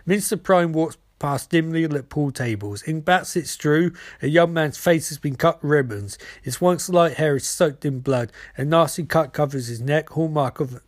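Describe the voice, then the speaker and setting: A man reading a screenplay aloud, stage directions included, with frequent slips. His voice sits a little high. The recording is dry, with no room sound. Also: moderate pace, dry recording. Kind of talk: screenplay read-through.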